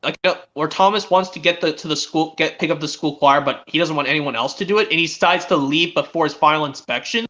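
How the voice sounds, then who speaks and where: A man hosting a stream, chatting excitedly as a fan and rambling with frequent restarts. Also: fairly high pitch, fast, hardly any pauses. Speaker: stream host. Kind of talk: casual fan chat. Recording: dull lo-fi stream audio.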